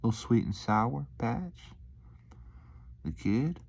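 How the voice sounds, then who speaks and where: A man's voice: medium pitch, sing-song, slow, gravelly, a little mellow, slightly rough. A young man rambling casually to his viewers, slangy and meandering, with lots of fillers. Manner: laid-back, slangy, meandering with many fillers. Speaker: vlogger.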